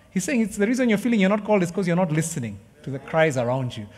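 A man's voice: sits high, very animated, fast, few pauses, big-room sound. A man preaching a passionate, emphatic sermon to his congregation, often calling them "guys". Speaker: pastor. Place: church hall.

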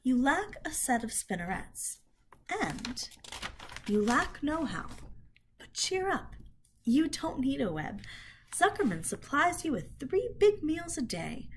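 A woman reading aloud, voicing a wise, patient female spider in a storybook who calmly explains and coaches. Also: high voice, takes it slowly, slight background noise, pitched above the performer's own voice, heavily acted.

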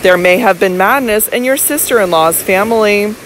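A woman's voice: mid-range voice, normal speed, slight background noise, close to an everyday voice, poor audio. A woman reading an audiobook voices a young Victorian lady who speaks hesitantly and pleadingly. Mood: anxious. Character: young Victorian lady, fragile, anxious and scheming.

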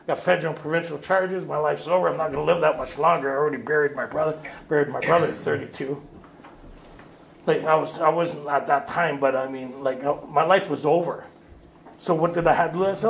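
A man's voice: a little high, vocal fry, a little hiss or hum. A man speaking to a recovery workshop group, blunt and streetwise, telling his story and laughing at himself. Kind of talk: candid storytelling talk to a group. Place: retreat meeting room.

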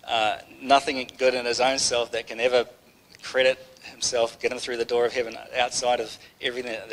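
A man's voice: mid-range voice, a bit bright, slight background noise, low-quality recording. Man giving a rambling, conversational sermon. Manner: conversational, rambling, with many restarts. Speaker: preacher. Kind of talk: informal sermon.

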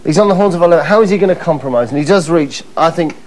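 A man's voice: on the high side, animated, racing, a little mellow, poor audio. A man hosting a comedy show, introducing clips with mock-dramatic asides and frequent laughter. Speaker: host presenting clips. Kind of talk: comic presenting.

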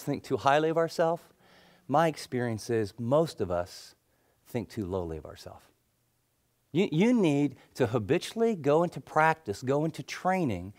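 A middle-aged male pastor preaching a sermon, telling stories and acting out the people in them, then dropping into soft, intense tones. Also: medium pitch. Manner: storytelling, acts out quoted people, drops to soft intense tones.

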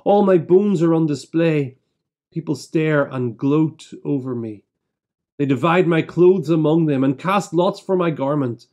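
Man with a higher voice leading solemn prayers. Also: darkish tone. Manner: measured, solemn reading with deliberate pauses. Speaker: church minister. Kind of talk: leading prayers and reading scripture aloud. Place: church broadcast service.

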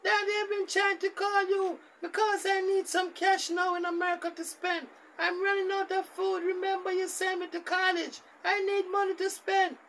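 A man's voice: very high-pitched, little pitch movement, moderate pace, few pauses, sharp tone, slight background noise, voice pushed up, exaggerated voice. A man voicing a young college-student daughter pleading with her father for money. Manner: pleading, insistent.

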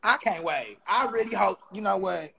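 A young man ranting in a profane, exasperated, fast-talking comedy style. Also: high-pitched, gravelly, pushed and bright, slightly rough. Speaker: comedy creator.

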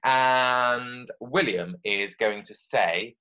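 A man's voice: mid-range voice, drawn-out words, sharp tone, clear, resonant tone. A man, a primary school teacher talking children through an online literacy lesson step by step in a friendly, explanatory way.

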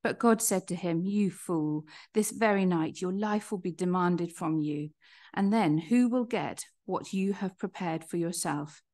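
A man's voice: high-pitched, a little mellow. A man reading a scripture passage aloud steadily, giving the quoted speakers a little voice. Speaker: scripture reader.

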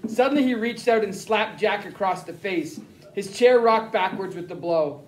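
A man reading a first-person novel aloud as an audiobook narrator, with plain, steady storytelling. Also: sits high, normal speed, recorded from a distance, low-quality recording.

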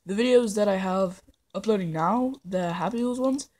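A woman's voice: medium pitch, moderate pace, a little mellow. A woman hosting a casual game commentary in a put-on British accent, rambling playfully and poking fun at herself. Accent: put-on British persona. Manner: playful, rambling, self-mocking, drifts into hummed nonsense. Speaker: gaming channel host. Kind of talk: casual let's-play commentary. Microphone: phone recording.

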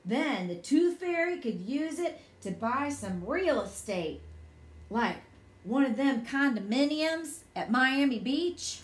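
A woman voicing an easygoing country father who jokes in a slow, drawling way. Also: high voice, sing-song, exaggerated voice. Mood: teasing. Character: easygoing folksy country dad. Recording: echoey room.

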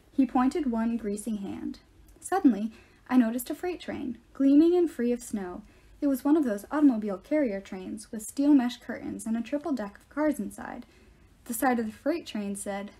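A woman reading a novel aloud, telling the story steadily in the first person. Her voice sits a little high, with a mellow, relaxed tone. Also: normal speed. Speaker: reader.

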